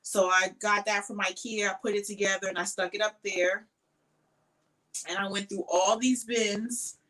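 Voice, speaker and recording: A woman's voice: medium pitch, fairly even intonation, moderate pace, fairly bright tone, low-quality recording. A woman hosting a casual crochet livestream from her home craft shed, chatting to viewers by name, tired and sleepy, with frequent ums.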